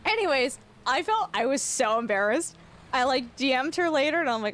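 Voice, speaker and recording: Young woman streamer, high voice, laughing her way through a story to chat. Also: brisk. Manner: animated storytelling, frequent laughter, rising squeals. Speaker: livestreamer. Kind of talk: casual live stream chat.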